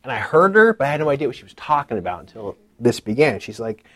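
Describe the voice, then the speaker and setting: Man, personal testimony, casual talk, earnest, emotional, nervous laughs, mid-pitched voice, dry sound. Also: very animated, fast, fairly bright tone, no room sound. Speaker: churchgoer giving a personal testimony.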